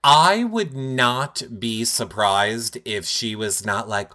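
A man co-hosting a casual recap podcast, retelling scenes in an animated, theatrical way. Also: mid-range voice, slow pace. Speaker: podcast co-host. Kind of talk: casual chat.

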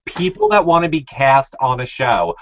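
A man's voice: medium pitch, huge pitch swings, normal speed. A man hosting a casual recap chat, opinionated and passing turns to his co-hosts. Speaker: recap show host. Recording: slightly muffled dry audio.

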